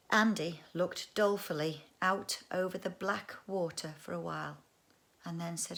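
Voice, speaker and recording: A woman reading a children's book aloud, expressive and adding chatty asides. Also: lowish voice, a little slow, creaky. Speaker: audiobook reader. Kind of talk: storybook read-aloud narration.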